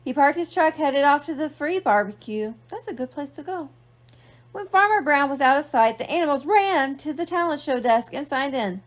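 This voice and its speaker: A woman's voice: high-pitched, expressive, moderate pace. A young woman librarian reading a picture book aloud to children, playful and asking them questions. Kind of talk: storytime read-aloud for kids.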